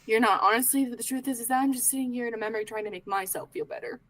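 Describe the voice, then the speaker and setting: A woman plays a young man torn by grief in a tabletop role-play. He speaks in halting, pleading bursts, the voice sitting fairly high, and sinks to near-whispers when it matters most. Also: close to an everyday voice, rough recording. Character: young man Arlo, grieving and desperate.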